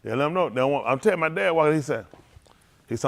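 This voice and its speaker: A male pastor telling stories from the pulpit, his voice swinging widely up and down. He sits a touch higher than most men and laughs easily, looping back over his own phrases as he acts out what others said. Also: quick pace. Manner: animated folksy storytelling with frequent laughter; repeats and restarts phrases, acts out quotes. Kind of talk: storytelling sermon.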